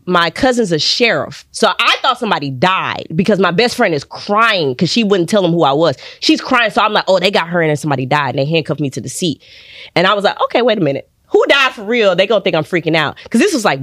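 A young Texan actress, guesting on a podcast, tells a personal story quickly and with lots of energy, imitating other people's voices with abrupt leaps up in pitch. It's a clean, dry studio recording on a podcast mic.

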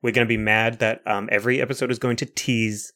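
A woman's voice: extremely low pitch, flat delivery, fast talker, a bit bright. A woman co-hosting a podcast in casual chat, teasing and chatty, with many fillers. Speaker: podcast co-host.

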